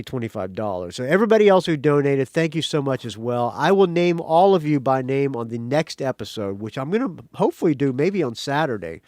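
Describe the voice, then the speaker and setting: A man hosting a rock podcast, talking in a rambling, excitable way with a slight country accent and swearing freely. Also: on the high side, no echo, clean studio sound. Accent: slight American country accent. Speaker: podcast host. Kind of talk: casual solo intro.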